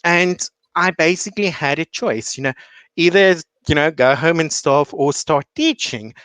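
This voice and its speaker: A woman's voice: low-pitched, moderate pace, no room sound. A South African woman, a guest and online teacher, telling stories in casual chat with lots of "you know" and acted-out quotes. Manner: lively storyteller, fillers like "you know", acts out quotes.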